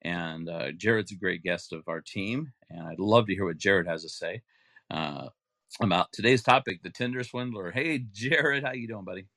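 Low-voiced man hosting a podcast chat. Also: normal speed, fairly bright tone, dry recording, studio quality. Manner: emphatic, repeats words when making a point. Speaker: podcast host. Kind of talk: casual chat.

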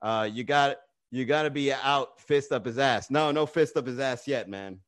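On a phone-recorded comedy livestream, a male host teases viewers in the chat and rambles through crude jokes. He speaks at a medium pitch and a normal speed.

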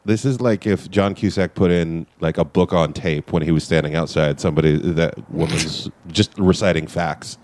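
A man's voice: low-pitched, moderate pace, few pauses. A man co-hosting a podcast, riffing jokily in casual chat. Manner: jokey, animated riffing.

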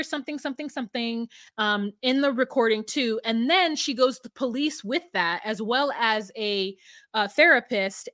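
A woman's voice: a little high, no echo, clean studio sound. A woman co-hosting a podcast, recapping a show in casual chat and acting out what people said. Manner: animated storyteller acting out quotes. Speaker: podcast co-host.

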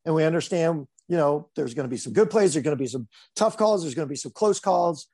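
A baseball coach talks casually in a slightly high, creaky voice at a quick pace. He's a relaxed storyteller who rambles through his tales, packing them with fillers.

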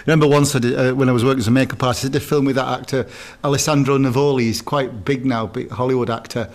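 A man's voice: mid-range voice, fairly even intonation, very fast. A man co-hosting a casual chat, telling anecdotes animatedly and slipping into mimicked voices with frequent laughter. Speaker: co-host.

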